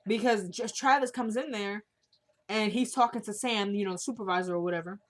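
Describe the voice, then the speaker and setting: A woman's voice: medium pitch, fairly quick. A woman in a casual vlog, chattily retelling a TV episode and acting out the characters' lines as she goes. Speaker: TV recap vlogger.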